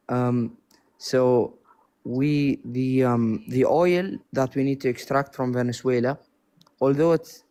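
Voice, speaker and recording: Young man, Gulf Arabic accent, earnest, apologetic, hesitant, casual debate. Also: medium pitch. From Oman. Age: young adult. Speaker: caller debating the host.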